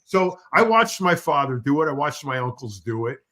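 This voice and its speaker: Male co-host, slightly high voice, quizzical and halting. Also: big pitch swings, bright, forceful tone. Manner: quizzical, halting, many restarts. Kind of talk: casual chat.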